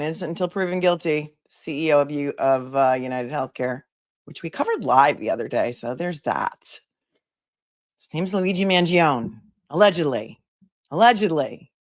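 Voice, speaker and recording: Female attorney host, casual chat style, lower voice, close dry mic. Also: no echo. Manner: chatty, joking, talks to the chat directly.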